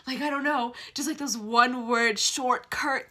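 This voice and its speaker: A young woman chatting casually about books she loves, gushing and breaking into excited squeals and shouts. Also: a little high, moderate pace, few pauses, a little hiss or hum. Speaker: book content creator. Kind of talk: casual chat.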